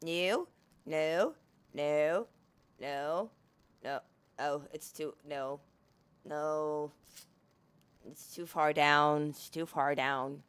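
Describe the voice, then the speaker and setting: A woman's voice: low-pitched, very slow, pauses often, clean tone. A woman giving casual, chatty gameplay commentary, talking to the on-screen character and swearing freely. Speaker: gaming streamer.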